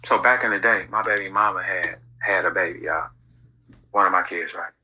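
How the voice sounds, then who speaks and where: Animated, foul-mouthed man talking. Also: deep voice, normal speed, breathy edge, poor audio. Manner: animated, profane storytelling. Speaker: host. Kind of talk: casual commentary.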